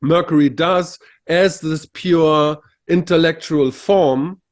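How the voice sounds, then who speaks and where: A man's voice: on the high side, fairly even intonation, slow pace. Searching, filler-heavy male co-host. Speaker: podcast co-host. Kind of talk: casual philosophical conversation.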